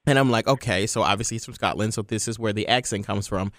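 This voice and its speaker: A man's voice: on the low side, fast, fairly bright tone, dry recording, clean studio sound. A man hosting a casual interview, talking in an eager, gushing way with many fillers. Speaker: interview host.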